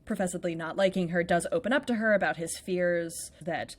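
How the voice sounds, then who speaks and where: A woman's voice: lowish voice, brisk. A woman co-hosting a podcast, recapping a play in casual chat with a playful, chatty manner and lots of "like". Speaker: podcast co-host.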